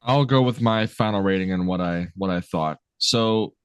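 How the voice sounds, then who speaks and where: A man's voice: low-pitched, moderate pace, clear, resonant tone, no room sound, studio quality. A man giving his final rating of a film on a podcast, speaking casually and hesitantly with many ums. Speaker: podcast co-host. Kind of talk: casual movie review chat.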